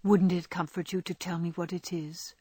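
A woman voicing a frank, spirited young woman in a storybook reading, brisk and bossy yet caring. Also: fairly low pitch, flat delivery, husky, no echo. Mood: tender. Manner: brisk scolding, softening to tender.

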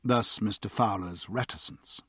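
A man reading an audiobook as narrator, steady and even. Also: on the low side, measured pace, breathy edge, no echo, studio quality. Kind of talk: scripted narration.

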